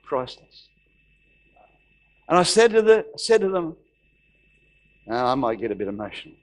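A man's voice: mid-range voice, normal speed. A middle-aged man preaching a sermon, telling a story and acting out the voices of the people in it. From Australia. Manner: animated, acts out quoted voices, repeats phrases. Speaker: pastor.

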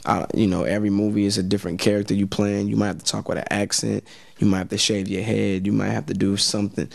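Gravelly-voiced American man, laid-back talk. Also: lowish voice, little pitch movement, fast, no room sound. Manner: laid-back, slangy, repeats words as he starts sentences. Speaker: rapper and actor guest. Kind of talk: casual interview chat.

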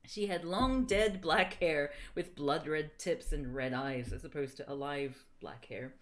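A woman's voice: low voice, a little slow. A woman co-hosting a livestream, reading fan fiction aloud in a playful, mock-dramatic style with joking asides. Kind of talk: comedic dramatic reading with banter.

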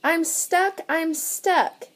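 A woman voicing a friendly little blue truck in a children's storybook, with a high, chirpy voice. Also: extremely slow, a bit bright, full character voice. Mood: pleading.

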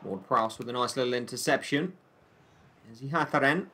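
A man's voice: mid-range voice, moderate pace, sharp tone, slight background noise. A young man playing a football video game, commentating on the match in a mock broadcast style with joking asides and bursts of frustration. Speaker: gaming YouTuber.

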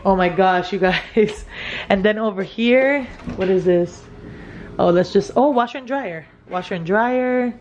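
A woman, giving an excited, gushing house tour for her vlog, filmed on a phone indoors. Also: mid-range voice, measured pace, lo-fi sound, noisy background. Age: 30s. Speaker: vlogger. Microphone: handheld phone camera.

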